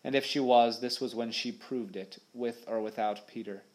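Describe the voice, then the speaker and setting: A man's voice: medium pitch, fairly even intonation, moderate pace, a little mellow. A man reading an adventure audiobook aloud in a dramatic, vivid storytelling manner. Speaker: audiobook narrator. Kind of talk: scripted narration.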